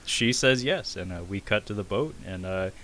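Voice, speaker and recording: Male podcast co-host, low-ish and forceful, casual profane film chat. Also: expressive, moderate pace. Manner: loose and profane, many filler "uh"s.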